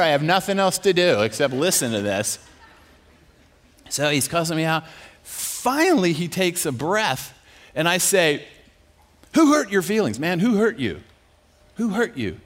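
A preacher telling a story in a sermon. He is animated and self-mocking, and he often laughs as he talks. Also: high-pitched, a little slow.

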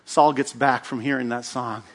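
A man preaching a sermon, retelling a Bible story with acted-out voices, shouts and sound effects. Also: mid-range voice, moderate pace. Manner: lively, acts out characters with shouts and sound effects.

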